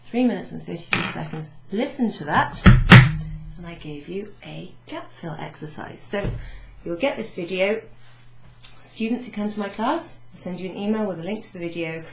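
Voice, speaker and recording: A woman French teacher recapping a beginners' lesson, chatty, saying French phrases slowly with teacherly emphasis. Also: fairly low pitch, vocal fry. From Wales. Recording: echoey room with faint noise.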